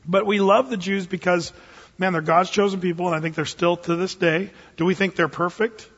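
A man's voice: high-pitched, fairly even intonation, a little fast, a bit bright, breathy edge. A man preaching an expository sermon as a pastor, in a conversational, folksy style with dramatic Bible readings. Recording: dull lo-fi recording with long reverb.

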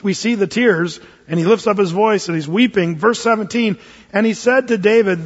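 Male pastor, high husky voice, lively storyteller, lo-fi recording in a reverberant church. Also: moderate pace. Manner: animated, acts out voices of the story figures. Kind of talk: storytelling sermon. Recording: dull lo-fi recording in a reverberant hall.

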